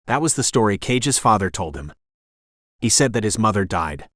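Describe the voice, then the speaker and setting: A man reading a first-person audiobook narration in a steady, even manner. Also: fairly low pitch, a little fast, no room sound, clean studio sound.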